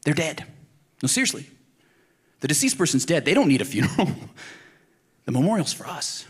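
A man's voice: a little high, sing-song, fairly quick, husky. A man from Colorado giving a casual, conversational sermon as a pastor, earnest and emphatic, speaking straight to his listeners. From Colorado, United States.

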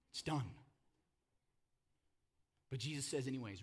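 A male pastor preaching a sermon, telling the story dramatically, dropping to a hush and then booming out names, with casual joking asides. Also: moderate pace, pauses often, slightly rough.

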